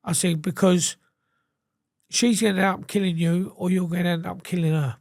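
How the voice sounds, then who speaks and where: A man's voice: sits high, fairly even intonation, brisk, vocal fry, no room sound, studio quality. A man, a guest telling a story in a casual, blunt way, swearing freely and acting out what others said. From England. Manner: blunt, sweary, acts out quoted dialogue.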